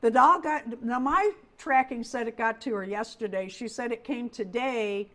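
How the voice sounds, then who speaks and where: A middle-aged woman with a voice a little higher than most, chatting casually as a livestream host. She tells her story warmly and freely, in a homespun, heartfelt way. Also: normal speed, a little hiss or hum. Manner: chatty storyteller, talks with feeling.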